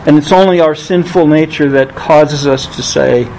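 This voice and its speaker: A man preaching a sermon, reading scripture aloud and rising in pitch on the quoted lines, thinking aloud with restarts. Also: normal speed, a little mellow, a little hiss or hum, poor audio. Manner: rises in pitch when quoting scripture.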